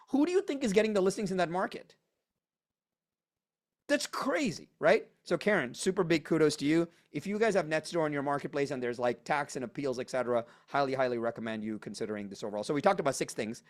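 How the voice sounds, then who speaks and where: A man leads a live online coaching workshop, rattling through his points at high speed. His voice sits a little high for a man, and he hammers ideas home with repetition. It comes through a video call. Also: fast. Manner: emphatic, energetic, punchy repetition. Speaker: workshop presenter.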